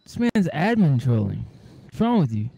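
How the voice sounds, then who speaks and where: A man's voice: a little high, big pitch swings, moderate pace, vocal fry, dark tone, breathy edge, no room sound. Indignant man on game voice chat. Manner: indignant, protesting, swears. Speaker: game player.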